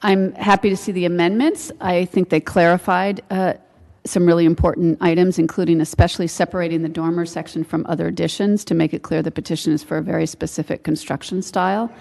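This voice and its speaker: A woman city councilor giving measured, appreciative remarks in a council meeting. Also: lowish voice, little pitch movement, vocal fry, a little mellow. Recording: echoey council chamber.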